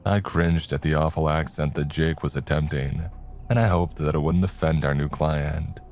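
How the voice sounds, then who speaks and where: A man narrating a horror story in a steady, even storytelling manner. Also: extremely low pitch, moderate pace, a little hiss or hum.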